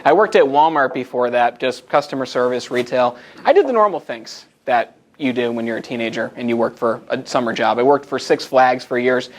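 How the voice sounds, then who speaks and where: A man in his twenties giving a live motivational presentation to a group, telling stories with lively asides to the audience. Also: mid-range voice, a little fast, few pauses. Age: 20s. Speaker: motivational speaker. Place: meeting room in front of a live group.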